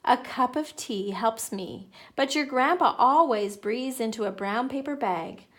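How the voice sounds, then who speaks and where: A woman's voice: fairly high pitch, unhurried, close to an everyday voice. Woman reading as a good-humored grandma. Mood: reassuring. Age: older. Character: cheerful grandma on the phone.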